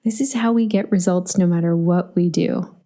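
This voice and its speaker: Mellow-voiced woman podcast host. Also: on the low side, moderate pace. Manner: chatty, storytelling, laughs easily. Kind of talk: solo podcast monologue.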